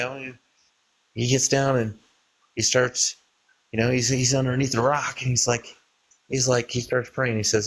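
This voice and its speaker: A man's voice: medium pitch, flat delivery, moderate pace, fairly bright tone. A man calling into a stream who talks in a rambling way, telling a joke and acting out its lines. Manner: rambling storyteller, acts out quoted lines. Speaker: caller. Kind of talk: casual chat, telling a joke.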